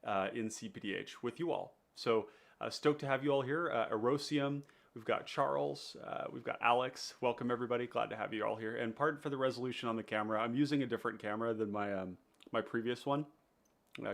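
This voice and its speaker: A man's voice: lowish voice, fairly bright tone. A man with a nasal, congested voice, hosting a live stream in an easygoing, rambling way with many fillers. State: under the weather, congested. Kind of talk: casual live stream chat.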